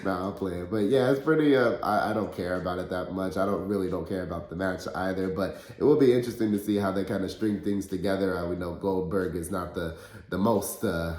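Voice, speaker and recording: Male podcast host, lowish voice, frank and chatty delivery, roomy echo on the recording. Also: brisk, darkish tone. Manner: blunt, conversational, frank opinions with filler words. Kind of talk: casual wrestling recap commentary. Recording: roomy echoey room.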